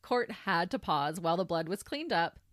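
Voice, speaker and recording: A woman co-hosting a true crime podcast, telling the details of a case in a casual conversational way that turns animated when she reacts. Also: on the low side, moderate pace, no room sound, clean studio sound. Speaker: podcast co-host.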